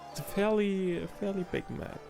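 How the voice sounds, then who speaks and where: Gravelly-voiced man narrating his gameplay. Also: high-pitched, normal speed, faint music behind. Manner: relaxed, talks to himself while exploring. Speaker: let's play host. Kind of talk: casual game commentary.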